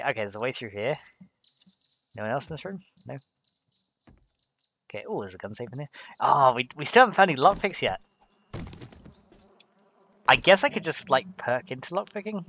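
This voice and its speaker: A young man giving a let's play commentary, chatting as he plays with sudden excited exclamations. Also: medium pitch, slight background noise. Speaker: gaming video host. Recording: game sounds with insect buzz behind.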